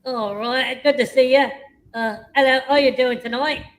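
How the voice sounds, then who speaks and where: A woman's voice: sits high, fairly even intonation, normal speed, voice pushed up, close to an everyday voice. A woman voicing a friendly man named Joey with a put-on Australian accent. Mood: cheery. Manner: friendly, matey greetings.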